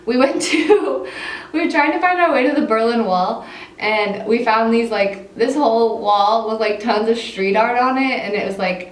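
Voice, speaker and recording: A woman's voice: a little high, moderate pace. Chatty young American woman, echoey room. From United States. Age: young adult. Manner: chatty, peppered with "like", laughing between phrases. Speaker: vlogger. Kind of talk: casual storytime monologue. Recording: echoey room, mic set far off, faint hiss.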